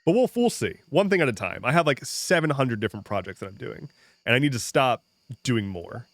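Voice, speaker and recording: A man with a medium-pitched voice full of big pitch swings talks fairly quickly, with no echo in the recording. He's casually chatting and joking with viewers while streaming a farming game, rambling across tangents, restarting often and swearing here and there.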